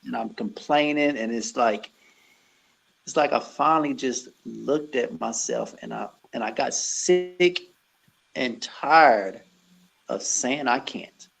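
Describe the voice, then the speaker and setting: A man who owns a gym and works as a personal trainer, talking earnestly in an interview with many halting restarts. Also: mid-range voice, creaky, a bit bright, low-quality recording. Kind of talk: conversational interview.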